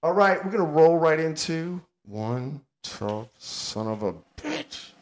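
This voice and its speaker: A man's voice: on the high side, big pitch swings, slow, a little hiss or hum. An older man, co-hosting a casual podcast and ranting bluntly and sarcastically. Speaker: podcast co-host.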